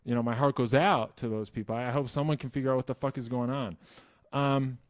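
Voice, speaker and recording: Man from New Jersey, young adult, musician host; middle pitch, dry close sound, swears a lot, restarts mid-thought. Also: fast talker, no echo. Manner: profane, animated, self-mocking, many restarts. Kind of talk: casual Q&A chat.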